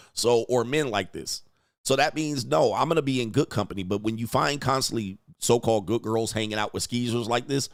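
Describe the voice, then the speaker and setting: A man's voice: mid-range voice, no echo, clean studio sound. A man commenting bluntly and crudely on a video clip while streaming, laughing often.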